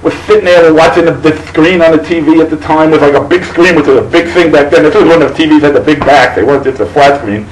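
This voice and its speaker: A man's voice: fairly high pitch, quick pace, few pauses, roomy sound, slight background noise, rough recording. Crude profane male stand-up comic. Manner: crude, profane, laughs at his own story. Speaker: stand-up comedian. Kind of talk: stand-up storytelling. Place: live stage.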